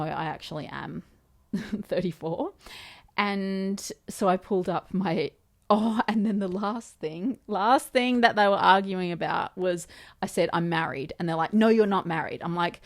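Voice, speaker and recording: A woman in her thirties with an Australian accent, chatting casually and telling a story to the camera with lots of fillers. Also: lowish voice. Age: 30s. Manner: chatty, lots of fillers, quoting others in conversation. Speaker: vlogger.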